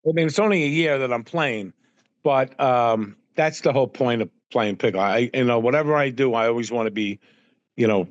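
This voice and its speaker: A man's voice: mid-range voice, brisk, dry recording, dull audio. Guy on a podcast spinning stories, does all the voices himself, dead dry recording. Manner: acts out dialogue in stories, many fillers. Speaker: podcast guest. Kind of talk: casual anecdote-telling.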